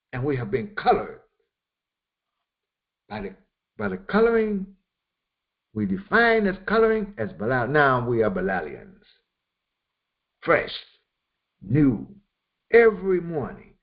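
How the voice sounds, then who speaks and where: A man giving a morning Quran commentary lesson, repeating phrases for emphasis with halting restarts. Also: mid-range voice, dull audio. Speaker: religious teacher.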